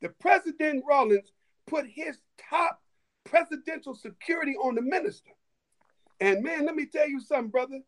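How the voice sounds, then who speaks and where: A man telling stories in a casual chat, animated, with many restarts and laughing asides. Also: very high voice, normal speed. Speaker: guest storyteller.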